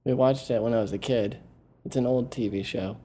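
A man's voice: mid-range voice, a little fast, dark tone. Rambling podcast host, a man. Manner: rambling, ranting, swears. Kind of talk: casual chat.

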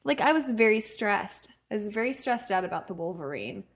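Young woman chatting, tells stories animated, acts out the voices. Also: medium pitch, a little fast, breathy edge. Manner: animated storyteller who acts out voices in her anecdotes. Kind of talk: casual chat.

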